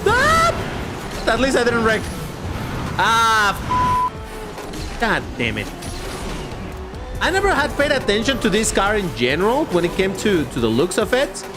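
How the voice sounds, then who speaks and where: A man's voice: sits high, sing-song, normal speed, pauses often, over music. A man giving chatty, opinionated live commentary while racing in a mobile game. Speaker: livestreamer.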